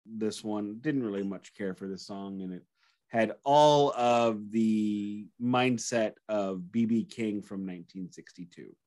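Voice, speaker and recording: A man co-hosting a music podcast, giving measured, dry opinions on an album. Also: lowish voice, fairly even intonation, darkish tone. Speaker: podcast co-host. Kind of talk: casual music review chat.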